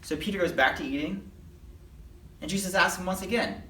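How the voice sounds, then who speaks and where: A speaker telling a Bible story to children in a lively way and acting out the characters' voices. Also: mid-range voice, brisk. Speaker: children's Bible lesson leader. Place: church. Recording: echoey room, mic at a distance.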